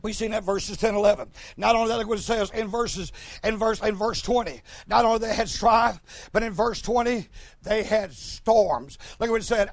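A man's voice: high-pitched, normal speed, no room sound. A man preaching a folksy sermon, telling stories and calling for responses. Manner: folksy, storytelling, calls for responses.

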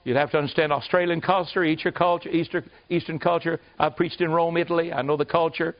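American preacher with a dull lo-fi sound. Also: male voice, steady tone, fast. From United States. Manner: storytelling, builds to loud emphatic peaks then drops low. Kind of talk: revival sermon. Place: church service with a congregation. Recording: dull lo-fi recording.

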